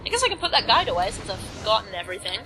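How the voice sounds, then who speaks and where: A woman's voice: mid-range voice, sing-song, very fast, a crowd in the background, background noise. A woman casually commenting as she plays a video game, rambling and joking at her own expense. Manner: rambling, self-mocking, jokey asides. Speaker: let's play commentator.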